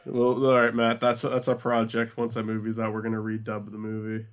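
A man's voice: fairly low pitch, monotone, brisk. A man chatting casually on a podcast, laid-back and wry. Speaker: podcast co-host. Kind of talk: casual chat.

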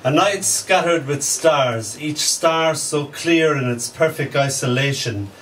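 A man giving a live poetry reading in a small cafe, measured and unhurried, with brief fillers between poems, recorded from a distance with faint room noise. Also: on the high side, fairly bright tone. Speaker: poet.

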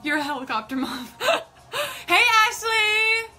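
A woman's voice: sits high, lively intonation, a little slow, bright, forceful tone, soft background music. A woman hosting a casual live stream, bubbly and gushing, greeting viewers by name. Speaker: livestream host.

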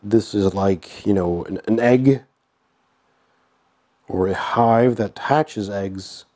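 Slow, nasal-voiced man with a cold. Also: lowish voice. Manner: relaxed, chuckling, lots of fillers. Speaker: board game unboxing host. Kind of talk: casual unboxing commentary.

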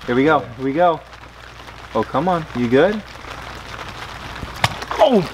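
Excitable man vlogging outdoors. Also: moderate pace, a little hiss or hum. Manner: excitable, talks to his fish in a high baby voice. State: in pain from a cut. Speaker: fishing vlogger. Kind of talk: casual vlog to camera. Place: outdoors by a backyard pond.

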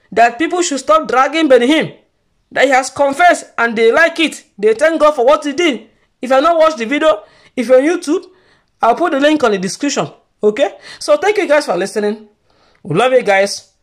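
Woman vlogger, high pitch, emphatic and preachy, keeps repeating herself. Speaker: church gossip vlogger. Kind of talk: casual commentary.

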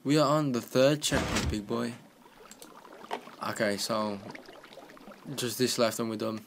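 A young man giving joking, excitable commentary while playing a game, with keyboard clicks in the background. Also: medium pitch, measured pace, gravelly, noisy background. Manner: excitable, joking self-talk. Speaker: gaming commentator. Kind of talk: casual gameplay commentary. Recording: home recording with keyboard clicking.

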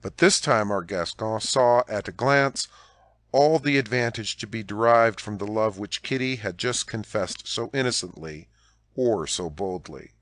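A man narrating an audiobook in a measured, expressive reading. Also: fairly low pitch, no room sound.

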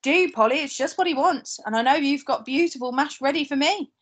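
A kindly, cheery cab driver man voiced by a woman, speaking gently but firmly in a storybook. The voice sits slightly high. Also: fairly quick. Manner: gentle and decided.

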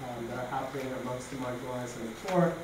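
A man's voice: medium pitch, fast talker. A man from Canada giving an informal public lecture, telling anecdotes along the way. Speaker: guest lecturer. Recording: echoey room from a distance, faint noise.

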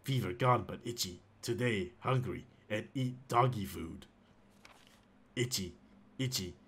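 Guy reading out an itchy half-zombie animal keeper's diary, bright even voice, flat read that gets broken and rambly. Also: fairly low pitch, a little slow, slightly rough. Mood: unravelling. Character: male animal keeper slowly turning into a zombie.

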